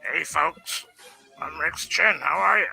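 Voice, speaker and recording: A man's voice: fairly high pitch, slow pace, gravelly, sharp tone, soft background music, voice pushed up, heavily acted. A man voicing his own double chin as a friendly little figure with a chirpy greeting.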